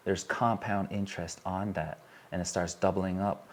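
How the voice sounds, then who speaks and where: An earnest man with a very low voice speaks from a stage to a live audience. He repeats phrases as he presses a point, then drops to a softer, quieter tone. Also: fairly even intonation, normal speed, few pauses. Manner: earnest, repetitive, builds intensity then softens. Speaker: workshop speaker. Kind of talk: emotional live talk to an audience.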